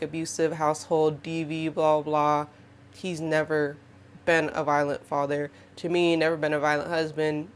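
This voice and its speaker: A young woman in her twenties, hosting her own podcast, talks straight to her audience in a casual, expressive way and acts out what people said to her. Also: on the low side. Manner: expressive, animated, acts out quotes. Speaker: podcast host. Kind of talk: casual monologue to camera.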